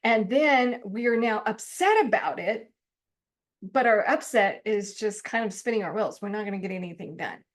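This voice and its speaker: A middle-aged woman counselor with a mid-range voice talks at a moderate pace, teaching a self-help method in a chatty, informal style. She laughs often and acts out her own complaints.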